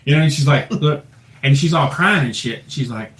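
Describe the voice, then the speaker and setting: Profane, animated male storyteller. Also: normal speed, a little hiss or hum, low-quality recording. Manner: profane, animated storyteller who drops to a low hush for the tense parts. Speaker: paranormal investigator guest. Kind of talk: casual storytelling.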